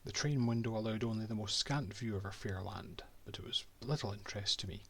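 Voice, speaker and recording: A man's voice: on the low side, a little fast, gravelly. A Scottish man voicing a haughty male cartographer and reading his old-fashioned diary aloud from a game.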